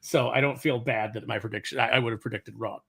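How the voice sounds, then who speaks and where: A man's voice: medium pitch, fairly even intonation, fast, vocal fry, fairly bright tone, breathy edge. A man in a casual pop culture chat, telling anecdotes and giving firm opinions. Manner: storytelling, opinionated. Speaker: podcast co-host.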